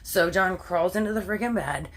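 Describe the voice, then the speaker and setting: With a fairly low pitch at normal speed, a Canadian woman casually recounts a true crime case to her audience. She's animated and conversational, leans heavily on "like," and censors her own swearing.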